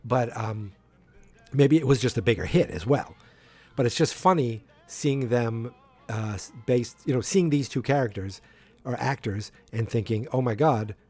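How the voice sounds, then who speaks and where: A man hosting a podcast who recaps an episode in a loose, rambling way. He keeps stopping to restart his sentences and reaches for fillers again and again. His voice sits at an ordinary middle pitch. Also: unhurried, a little mellow, faint music behind. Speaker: podcast host.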